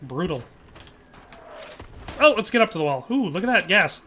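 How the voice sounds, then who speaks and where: A man's voice: high voice, sing-song, moderate pace, pushed and bright, slight background noise. A young man streaming a shooter game, chatting casually, reading chat aloud and laughing often. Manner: chatty, laughs often, trails off mid-sentence. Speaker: livestreamer. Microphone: headset.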